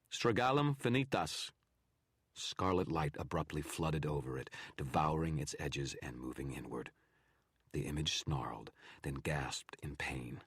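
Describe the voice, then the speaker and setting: A man narrating a fantasy novel aloud in steady first person on a live stream. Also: very deep voice, breathy edge, no room sound, studio quality.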